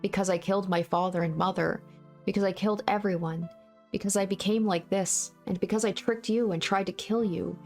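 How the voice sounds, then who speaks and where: A woman voicing a tearful, guilt-ridden young woman, reading a visual novel aloud in a higher, pleading voice. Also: fairly even intonation, a little fast, darkish tone, soft background music, close to an everyday voice. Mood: despairing. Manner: higher, sobbing, pleading delivery.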